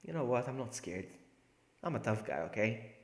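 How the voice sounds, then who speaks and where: A man with a medium-pitched voice streams a video game at a moderate pace, giving live gameplay commentary. He jokes with chat, gets excitable, and laughs a lot, recorded in an echoey room with faint noise.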